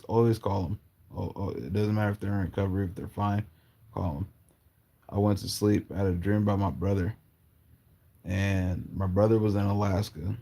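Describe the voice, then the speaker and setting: Man from portland, husky gravelly voice, rambling casual storyteller. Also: low voice, dark tone. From Portland, Oregon, US. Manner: rambling, halting, slangy, often trailing off.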